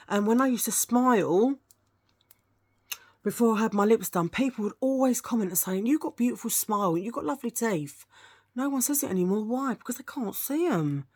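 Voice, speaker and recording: A woman's voice: medium pitch, expressive, normal speed, a little mellow. Rambling, chatty middle-aged woman. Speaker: beauty vlogger. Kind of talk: casual product review chat.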